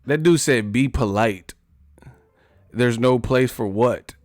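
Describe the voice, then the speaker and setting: A man's voice: mid-range voice, unhurried, a little mellow, no room sound, clean studio sound, soft background music. A man chatting casually on a live boxing stream, swearing, joking and laughing often.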